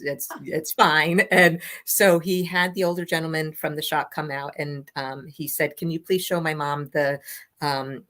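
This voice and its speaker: A woman in her fifties, an interview guest, telling a family story in an animated way and voicing the quotes. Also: deep voice.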